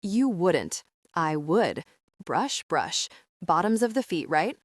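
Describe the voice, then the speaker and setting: A flustered young woman, nervous and quick with a joke, as the narrator voices her. The voice is lowish for a woman yet swings through a wide pitch range, and it sounds close and dry. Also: sing-song, dry recording, full character voice.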